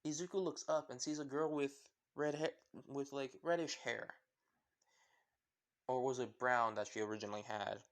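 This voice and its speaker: A man's voice: mid-range voice, flat delivery, normal speed. A man casually retelling a fan story, rambling with lots of fillers and self-corrections.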